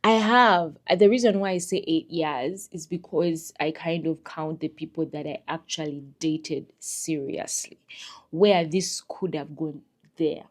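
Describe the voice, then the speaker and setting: In a casual vlog catching viewers up on her life, a young woman speaks candidly to the camera in a low, unhurried voice. Frequent laughter punctuates her talk, which veers from murmuring to squealing.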